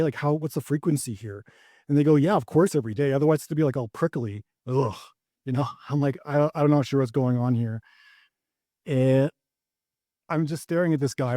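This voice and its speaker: Man doing stand-up, mellow voice, dry close sound, hesitant and rambling. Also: medium pitch, no echo. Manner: hesitant, rambling with restarts and deadpan punchlines. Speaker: stand-up comedian. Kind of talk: stand-up set.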